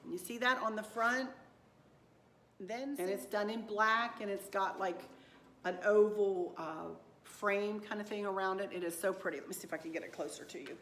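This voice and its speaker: A hoarse woman chatting casually to her viewers as a home decor vlogger, gushing and affectionate, rambling from one thought to the next. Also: mid-range voice, moderate pace, fairly bright tone, slight background noise.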